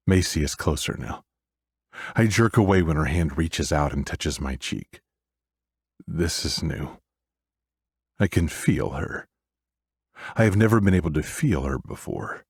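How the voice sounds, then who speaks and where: A man narrating a dark romance audiobook in the first person, with a brooding, intense delivery. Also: rumbling low, unhurried, long pauses, husky, dry recording, clean studio sound.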